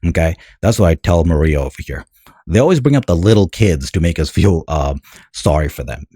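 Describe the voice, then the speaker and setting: A man's voice: sits low, lively intonation, a little fast, dark tone, slightly rough, dry recording, studio quality. A man giving scornful commentary over news clips, talking back at the people on screen. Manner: sneering, scornful, talks back at the clip. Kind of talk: mocking video commentary.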